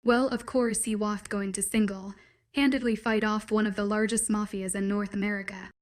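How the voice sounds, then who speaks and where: A woman's voice: mid-range voice, level tone, moderate pace, lightly acted. A woman voicing a sarcastic young man in a storybook reading. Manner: sarcastic, eye-rolling.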